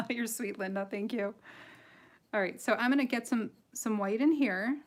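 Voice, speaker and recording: A woman's voice: on the high side, a little slow. A woman with a light Michigan accent and a slightly nasal voice hosts a casual coloring livestream. She rambles, giggles, and pokes fun at herself while explaining each step. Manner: chatty, giggly, self-deprecating, rambling. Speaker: livestream host and coloring artist.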